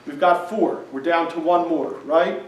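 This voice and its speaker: The recording, made with a far-off mic in an echoey synagogue hall, carries a little hiss or hum. In it, a male class teacher with a slightly high voice speaks at a measured pace, lecturing casually and often checking in with his listeners.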